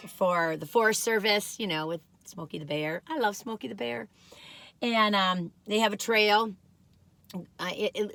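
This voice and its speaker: A woman in her sixties, chatting casually as she reviews food on camera, rambling and self-deprecating, with a slightly squeaky voice that has mellowed over the years. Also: bright, forceful tone, no echo. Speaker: vlogger.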